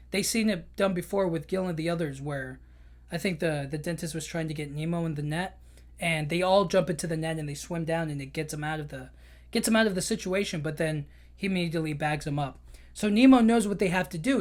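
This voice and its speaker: A man's voice: on the high side, fairly quick. Man retelling a film, heartfelt and casual. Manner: emotional storytelling, many fillers like "you know". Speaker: podcast host. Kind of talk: casual movie recap.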